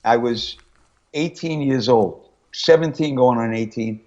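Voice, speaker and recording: A man's voice: mid-range voice, a little slow, lo-fi sound. An older male singer chatting as an interview guest, telling stories about his life and family. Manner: storytelling, animated when quoting family. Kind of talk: casual interview chat.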